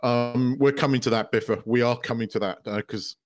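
A man co-hosting a podcast in casual chat, excitable, swearing freely and laughing often. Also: mid-range voice, fairly quick, music in the background. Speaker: podcast co-host.

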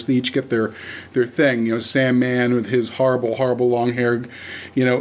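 A man at a middle pitch co-hosts a casual movie review chat. He retells the plot in a sarcastic, rambling way, full of ums and asides. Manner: sarcastic, animated retelling with filler words. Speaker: podcast co-host.

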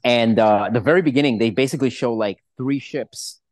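A man's voice: medium pitch, brisk, no echo, clean studio sound. A man co-hosting a podcast in casual chat, rambling with many restarts and plenty of swearing. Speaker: podcast co-host.

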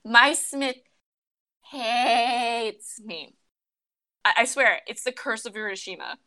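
Young woman co-host, bright higher voice, exasperated animated ranter. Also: slow pace. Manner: animated, exasperated ranting with swearing. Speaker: podcast co-host. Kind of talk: casual chat among friends about a mobile game.

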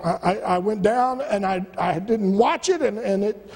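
A man's voice: sits high, moderate pace, darkish tone, breathy edge. A male pastor preaching a sermon, stacking rhetorical questions and stumbling over restarts. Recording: long church-hall reverb.

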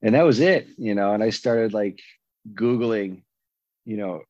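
A man candidly recounting his own story, animated and acting out the lines of the people in it. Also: on the low side, a little slow, no echo, dull audio. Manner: animated, acts out other people's lines in a raised voice. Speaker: guest telling his recovery story.

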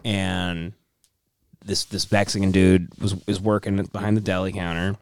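A man's voice: low voice, little pitch movement, moderate pace, vocal fry, a little mellow, clear, resonant tone, no echo. A man co-hosting a podcast, chatting casually and rambling through anecdotes in a loose, conversational way. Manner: rambling storyteller, acts out quotes in other voices. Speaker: podcast co-host. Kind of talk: casual chat.

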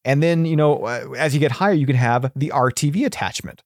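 A man's voice: mid-range voice, brisk, no echo, studio quality. A man chatting casually as a podcast guest, rambling with many fillers and restarts. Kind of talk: casual chat.

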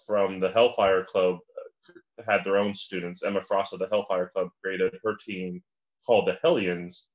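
Rambling man on slightly lo-fi audio. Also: fairly low pitch. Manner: rambling, lots of "like" and restarts. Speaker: podcast guest. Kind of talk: casual podcast chat.

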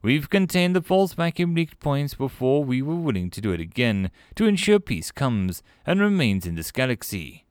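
A man voicing a calm, commanding young human envoy in a sci-fi reading, speaking firmly and deliberately. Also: medium pitch, clean tone, dry recording, studio quality, pitched above the performer's own voice, close to an everyday voice. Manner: firm, measured, ultimatum-giving. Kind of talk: audiobook character voice.

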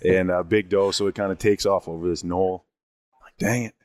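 A man casually telling a long story in an animated, rambling way, often restarting his sentences. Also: low-pitched, fairly quick, no echo. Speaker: guest telling a hunting story.

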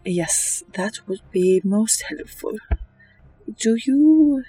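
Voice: mid-range voice, lively intonation, drawn-out words, dark tone, husky, faint music behind, exaggerated voice, rough recording. A player voicing a mild-mannered, folksy adventurer with old-fashioned phrasing. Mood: polite.

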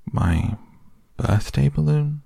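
A man's voice: rumbling low, slow pace, creaky, a little mellow, slightly rough, dry recording, studio quality, heavily acted. A man voicing a gloomy, mournful old male donkey in a storybook reading.

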